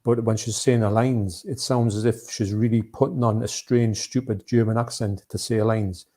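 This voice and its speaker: A man's voice: on the low side, steady tone, normal speed, dark tone. A man co-hosting a live movie chat, rambling and chatty, reading out viewer comments. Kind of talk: casual live-stream chat.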